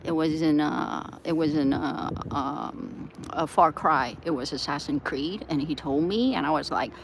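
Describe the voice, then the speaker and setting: A woman's voice: sits low, a little slow, few pauses, a little hiss or hum. A woman live-streaming from an outdoor seaside plaza, chatting in a rambling way, laughing often and breaking into sudden outbursts.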